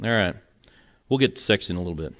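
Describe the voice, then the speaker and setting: A man's voice: low voice, animated, quick pace, a bit bright. A male pastor preaching an earnest, conversational sermon in a church, with moments of emotion. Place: church sanctuary.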